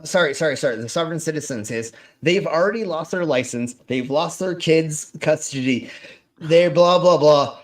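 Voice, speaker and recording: A man with a slightly high voice hosts a loose, casual stream. He rambles, swears freely and tells stories with animated energy. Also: moderate pace. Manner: profane, rambling, animated storytelling. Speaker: host.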